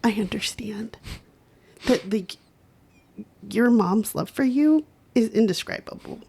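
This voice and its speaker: A young woman, a singer and new mother, talking as a podcast guest in a soft, open, reflective way. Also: a little high, expressive, a little slow, a little hiss or hum. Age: young adult. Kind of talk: casual interview chat.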